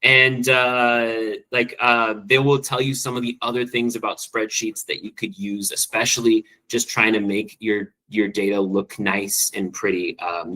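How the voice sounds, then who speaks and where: A man's voice: fairly low pitch, sharp tone, rough recording. Enthusiastic man teaching a tech workshop. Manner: quick, enthusiastic, with frequent ums and restarts. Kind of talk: online training presentation.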